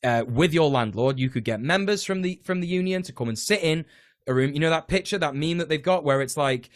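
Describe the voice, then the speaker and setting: A British tenants union organizer, a podcast guest, talks casually about organizing renters, rambling with lots of fillers and restarts and the odd swear word. His voice is a little high and brisk. It's studio quality with no room sound.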